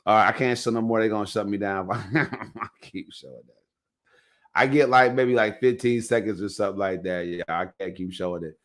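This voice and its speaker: A man with a lowish voice hosts a laid-back podcast. He rambles through stories in a loose, conversational way and keeps checking in with his listeners. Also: normal speed. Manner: loose, storytelling, heavy on "you know what I'm saying". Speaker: podcast host. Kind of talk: casual podcast chat.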